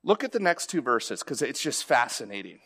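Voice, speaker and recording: A man's voice: mid-range voice, sing-song, normal speed, fairly bright tone, slightly rough. A man giving a conversational sermon, often restarting his words and rising in emphasis as he explains a scripture passage. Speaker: pastor.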